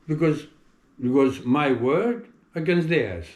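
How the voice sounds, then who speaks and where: An older man with an accent speaks in an unhurried, measured way. He tells stories from his career in a relaxed interview. He mimics the people he quotes. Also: on the high side, roomy sound. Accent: non-native English accent. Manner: anecdotal storyteller who acts out quoted voices.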